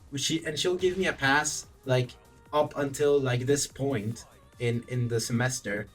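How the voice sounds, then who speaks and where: Animated young man telling a story. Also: mid-range voice, moderate pace. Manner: animated, profane, rambling with self-corrections. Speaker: vlogger. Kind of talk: casual storytelling vlog. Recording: distant mic, faint background music.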